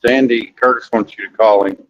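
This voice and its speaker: Male co-host with a low-ish voice and a dry, muffled recording, teasing and reading the chat. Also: steady tone, fairly quick, no echo. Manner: teasing, chimes in and reads from the chat. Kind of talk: casual live-stream chat. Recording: dull, dry lo-fi sound.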